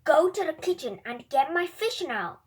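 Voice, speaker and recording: A woman's voice: sits high, sing-song, moderate pace, darkish tone, voice pushed up. A woman voicing a pushy, impatient male customer in a children's storybook, with a demanding, raised voice.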